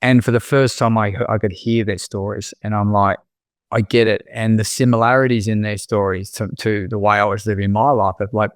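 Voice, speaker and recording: An Australian man, a podcast guest, telling his personal story in a reflective, halting way with many restarts. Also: on the low side, steady tone, smooth, no room sound, clean studio sound.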